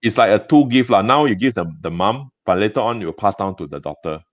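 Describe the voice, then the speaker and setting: A man's voice: lowish voice, animated, no room sound. Singaporean guy, gem shop owner, chatty rambly stories full of restarts, dull dry lo-fi sound. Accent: Singaporean English. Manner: chatty, halting with many restarts and fillers. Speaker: gem and jewelry business owner. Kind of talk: casual interview storytelling.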